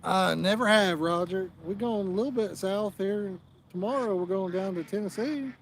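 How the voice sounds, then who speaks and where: A man's voice: high-pitched, moderate pace, slight background noise. A man hosting a live fishing stream outdoors, chatting and joking in a rambling, casual way. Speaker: fishing channel host.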